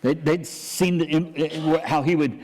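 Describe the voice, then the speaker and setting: A man's voice: a little high, fairly even intonation, unhurried, a little mellow, slight background noise. A man, a pastor, preaching a conversational sermon with frequent restarts and asides. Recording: church hall reverb.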